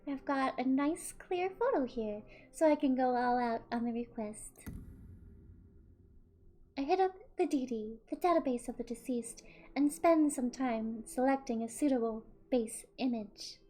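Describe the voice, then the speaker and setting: A woman voicing a smug, psychopathic young woman from a visual novel, reading in a cold, smirking, low and quiet voice. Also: a little slow. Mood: smug, gloating.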